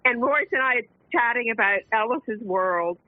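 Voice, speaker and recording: A woman calling in to a radio show, telling a family story in an animated way, laughing often and acting out the quotes. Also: on the high side, moderate pace, dry recording. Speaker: caller. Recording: phone line.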